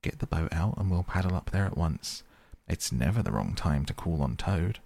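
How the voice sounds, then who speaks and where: Brief: a man doing a hearty, good-natured storybook water rat, low and gravelly. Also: animated, normal speed, warm tone, full character voice. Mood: cheerful.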